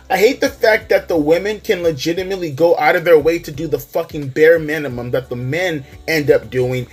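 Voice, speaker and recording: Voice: mid-range voice, breathy edge. D2: A wrestling commentary vlogger ranting heatedly. The vlogger speaks emphatically and swears in almost every sentence.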